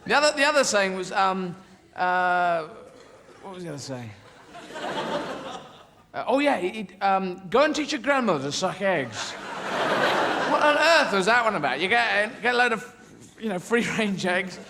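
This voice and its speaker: A man performing a stand-up comedy routine, animated and full of sudden silly voices, recorded live in a large theatre. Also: high voice, a little slow, gravelly, long pauses. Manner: animated, flips into many silly character voices. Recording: live stage recording in a reverberant hall with crowd noise.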